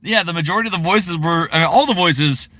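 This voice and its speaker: A man's voice: a little high, fast, pushed and bright, dry recording. A man in his thirties chatting casually on a live stream, rambling with lots of fillers. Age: 30s. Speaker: voice actor streaming.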